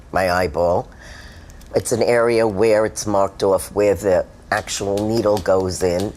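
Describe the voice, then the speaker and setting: Slow-spoken woman recounting her story. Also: rumbling low, a little mellow. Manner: candid, emotional storytelling. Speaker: former smoker giving testimony. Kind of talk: personal testimonial.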